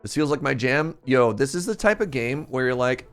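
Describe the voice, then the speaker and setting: Man, game streamer, casual chat, animated self-mocking storytelling, faint background music. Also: mid-range voice, moderate pace, clear, resonant tone.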